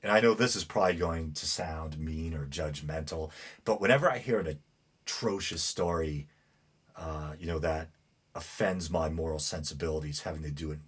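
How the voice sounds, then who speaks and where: The host's bass voice is husky and runs at a normal pace. Speaking with a New England accent, he reads news stories on his show as casual commentary, heavy on fillers and prone to rambling, indignant asides.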